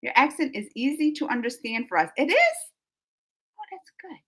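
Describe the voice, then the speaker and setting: A woman from New Orleans with a Southern US accent hosts a YouTube reaction stream, casually reading her live chat aloud. Her voice is high and a bit bright, swinging widely in pitch at a moderate pace. She laughs often and lets sentences trail off.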